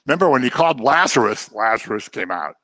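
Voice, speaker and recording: A man's voice: medium pitch, sing-song, quick pace, pushed and bright. A man teaching the Bible in a conversational way, telling the stories and acting out the people he quotes. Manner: informal, with fillers and restarts. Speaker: preacher.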